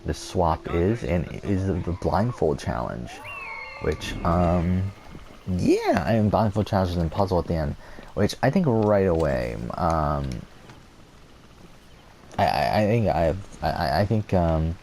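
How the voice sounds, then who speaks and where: Low gravelly man narrating gameplay. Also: big pitch swings, takes it slowly, darkish tone, a little hiss or hum. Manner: rambling, many fillers and restarts, swears at the game. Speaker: gameplay commentator. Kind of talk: casual gameplay commentary.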